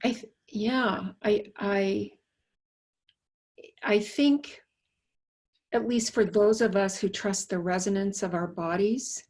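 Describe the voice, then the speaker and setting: Female host, chatty and musing, mid-pitched, talks to her listeners. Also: slow pace, long pauses, a little mellow. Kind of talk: casual conversation.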